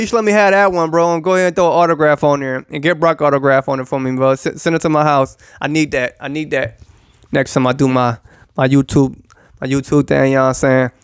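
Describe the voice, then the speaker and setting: Young male YouTube sports ranter: high, smooth voice, sarcastic, profane, repeats himself, dry close sound. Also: no room sound. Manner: animated, profane, repeats phrases. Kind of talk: casual ranting commentary.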